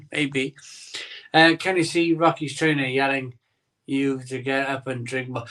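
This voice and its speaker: A man's voice: medium pitch, level tone, slow pace, pauses often, sharp tone, distant mic. A middle-aged man hosting a casual live stream, rambling and sentimental, reading chat comments aloud. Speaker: host of a live beer-drinking stream.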